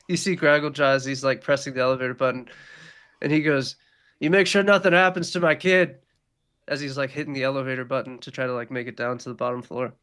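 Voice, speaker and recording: A man's voice: medium pitch, flat delivery, fast, a bit bright, clear, resonant tone. A man running a tabletop game as game master, describing scenes in a loose way with lots of fillers.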